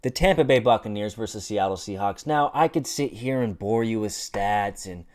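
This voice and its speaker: A man hosting a casual sports commentary vlog, animated and joking with lots of swearing. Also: on the low side, normal speed. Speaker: host.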